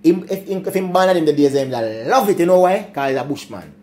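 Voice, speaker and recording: Speaking quickly with lively intonation, this older storyteller has a somewhat high, darkish voice and a Jamaican accent. His casual patois chat is full of childhood tales, frequent laughter, and asides to his grandsons.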